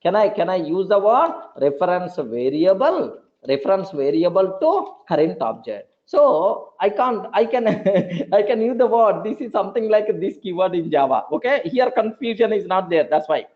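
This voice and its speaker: Programming teacher, male, high and animated pitch, repeats himself, keeps checking that students follow, lo-fi recording. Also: normal speed. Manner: repeats points, checks for understanding often. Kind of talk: classroom lecture. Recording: dull lo-fi recording.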